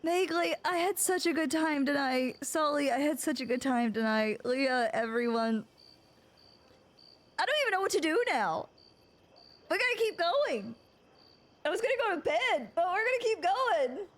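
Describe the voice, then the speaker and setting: A young woman with a high voice, chatting casually on a live stream. She gushes and sounds close to tears, circling back over her own words in rambling bursts. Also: lively intonation, moderate pace. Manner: emotional, gushing, near tears; rambling, repeats herself.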